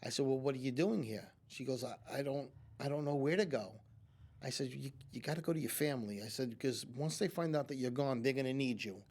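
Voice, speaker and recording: A man's voice: mid-range voice, a little fast, darkish tone. A man, a psychic medium guest on a studio talk show, telling long anecdotes with many restarts and acting out what people said. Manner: rambling anecdotes with many restarts and acted-out quotes. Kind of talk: storytelling in a talk show interview. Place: community TV studio.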